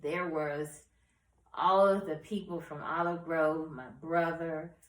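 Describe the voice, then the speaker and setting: A middle-aged woman, the host's mother, calmly recounting family memories in casual conversation. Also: low voice, takes it slowly. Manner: relaxed, agrees with short murmurs, recounts calmly. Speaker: mother of the host. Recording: echoey room, mic at a distance.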